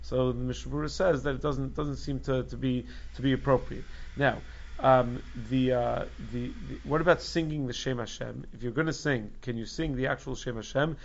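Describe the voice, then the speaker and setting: A man teaching a casual Torah lesson as a rabbi, with frequent halting restarts and fillers. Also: medium pitch, steady tone, vocal fry, muffled recording, a little hiss or hum. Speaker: rabbi teaching Jewish law.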